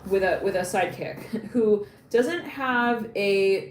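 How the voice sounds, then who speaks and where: A woman giving a live tarot reading in a chatty, excitable way, laughing often and acting out little quoted lines. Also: medium pitch, a little slow, hardly any pauses, roomy sound, noisy background. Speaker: tarot reader.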